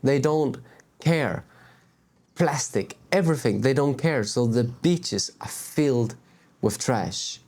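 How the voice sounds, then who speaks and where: A man's voice: medium pitch, takes it slowly. Candid man musing outdoors. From Denmark. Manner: candid, animated, swears and laughs at himself. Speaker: spiritual vlogger. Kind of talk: casual spiritual talk to camera. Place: outdoors on a beach.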